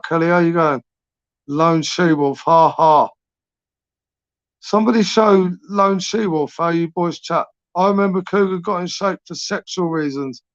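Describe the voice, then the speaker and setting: A man in his forties, talking a little high for a man as he hosts a late-night live stream. He rambles through chat messages with sweary, matey banter. The sound is dry and dull, like lo-fi stream audio. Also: gravelly, no echo. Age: 40s.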